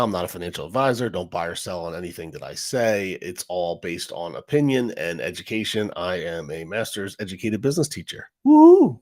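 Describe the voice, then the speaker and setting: Frustrated man ranting on a livestream. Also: mid-range voice. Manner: frustrated, rambling, talks to chat directly. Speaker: live stream host. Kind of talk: casual livestream chat.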